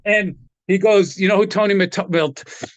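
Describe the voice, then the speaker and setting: A man's voice: high voice, fairly quick, no room sound, muffled recording. A middle-aged man, a guitar tech and interview guest, telling rambling anecdotes with frequent laughs and acting out the voices of the people he quotes. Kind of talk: casual storytelling interview.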